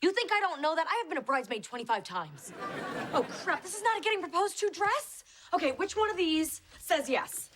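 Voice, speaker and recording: A woman's voice: very high-pitched, very animated, brisk, a crowd in the background, noisy background. A woman acting a sarcastic, dry-witted girlfriend in a sitcom.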